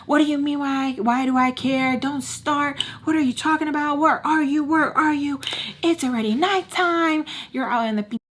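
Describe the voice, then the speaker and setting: A woman plays a defensive male boss who won't let a question go, pressing over and over with rapid, insistent demands. He sounds higher and livelier than a usual man's voice. Spanish words slip into his talk. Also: fairly even intonation, a bit bright, slight background noise.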